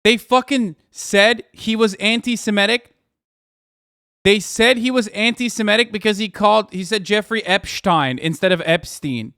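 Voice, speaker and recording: A man's voice: high-pitched, moderate pace, bright, forceful tone, smooth, dry recording, clean studio sound. A man hosting a live stream who reacts to news clips with heated, profane ranting and reads items aloud.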